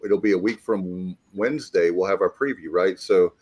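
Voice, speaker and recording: A man hosts a sports talk show in a low voice. He sounds keen, and he keeps turning to his panel to bring them in. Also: normal speed, darkish tone, husky. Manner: enthusiastic, addresses the panel directly. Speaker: podcast host.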